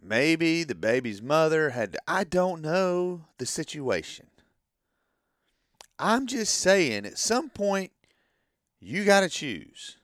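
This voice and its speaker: A man's voice: fairly high pitch, very animated, slow, fairly bright tone, no echo, studio quality. A man delivering an opinionated monologue as a wrestling fan, ranting and repeating himself, then hedging that it is just his opinion.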